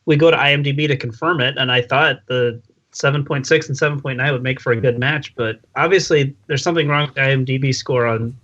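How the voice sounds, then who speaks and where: Bright, rambling, self-mocking man. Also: mid-range voice, steady tone, quick pace, muffled recording. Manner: self-deprecating, rambling, jokey. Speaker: podcast guest. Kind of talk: casual chat.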